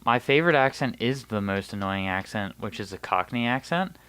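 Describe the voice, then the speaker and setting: Smooth-voiced man chatting bluntly. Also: lowish voice, animated, a little fast, a bit bright, no room sound. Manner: blunt, swears casually. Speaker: guest. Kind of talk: casual chat.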